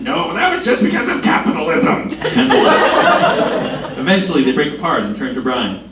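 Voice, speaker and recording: A man's voice: mid-range voice, expressive, fairly quick, crowd noise. A man reading stage directions aloud with amusement in a staged reading of a play. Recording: echoey room, distant mic, audience.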